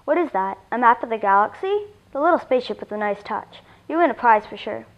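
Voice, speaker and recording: A woman voicing a relaxed, cheerful father full of praise. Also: fairly high pitch, brisk, close to an everyday voice, rough recording.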